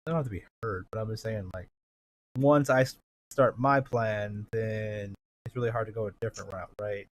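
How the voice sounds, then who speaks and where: Laid-back man player, mid pitch, faint noise. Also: fairly even intonation, normal speed. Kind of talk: casual table talk.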